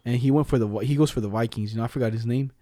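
A man's voice: medium pitch, rapid-fire, mellow, no echo, clean studio sound. A young man in casual chat, telling school stories with lots of slang and laughter.

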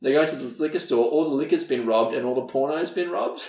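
A man's voice: mid-range voice, fast. A man co-hosting a podcast in casual chat, animatedly retelling a TV episode and laughing often. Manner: animated storyteller, laughing often, acts out characters' lines. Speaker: podcast co-host. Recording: roomy, distant mic.

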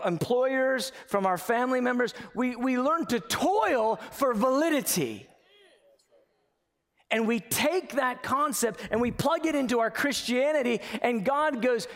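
A man preaching a lively sermon with humor and quick asides. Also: very high-pitched, in a large hall. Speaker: pastor.

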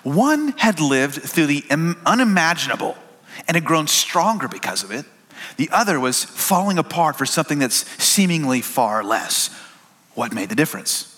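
A man preaching a sermon, telling stories in a relaxed, conversational way with small restarts. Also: a little high, normal speed. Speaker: pastor.

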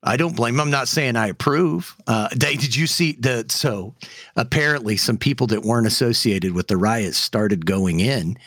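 Podcast co-host, male, mid-pitched, heated ranting delivery, lots of fillers, dry close sound. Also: normal speed, fairly bright tone, no room sound. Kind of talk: casual opinionated chat.

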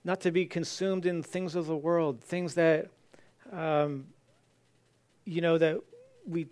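Male pastor, sermon delivery, clear resonant tone, a little high. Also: fairly even intonation, takes it slowly, a little mellow. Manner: earnest, reads scripture aloud then repeats it.

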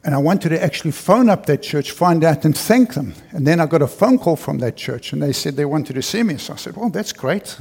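A man's voice: fairly high pitch, lively intonation, a little fast, gravelly, hardly any pauses, a little mellow, husky. A middle-aged man preaching a sermon as pastor, telling a personal story earnestly and repeating key phrases for emphasis. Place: church.

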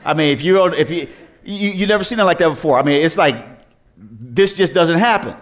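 Speaking slightly fast in a somewhat high voice, a male pastor delivers a sermon. He relates the story in a chatty manner, full of rhetorical questions and frequent restarts.

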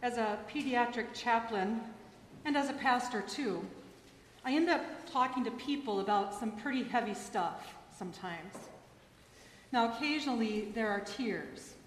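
A woman pastor and chaplain giving a gentle, earnest sermon after a gospel reading in a church. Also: on the high side, a little slow, a little hiss or hum. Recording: echoey church hall.

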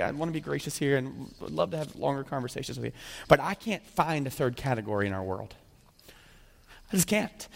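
A male pastor delivering a sermon at a brisk, driving pace. His voice carries a long reverb from a large hall. He acts out imagined speakers and swings from emphatic peaks to hushed asides. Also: sits high.

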